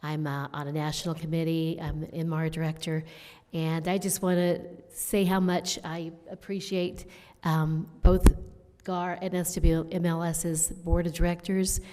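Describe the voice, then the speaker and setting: A woman's voice: sits low, level tone, a little slow, warm tone, slight background noise. A woman running for vice president, giving a short, light-hearted, appreciative speech. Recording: reverberant hall.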